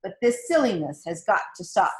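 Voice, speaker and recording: A woman's voice: mid-range voice, big pitch swings, normal speed, lightly acted. A woman voicing a busy father who is skeptical and weary, in a storybook read-aloud. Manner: dry, weary, dismissive.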